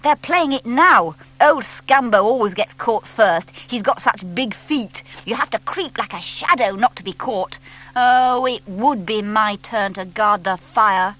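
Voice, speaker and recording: A woman playing a cheerful, confident young boy scout who talks briskly and bossily. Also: a little high, lively intonation, fairly bright tone, voice pushed up. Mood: jolly.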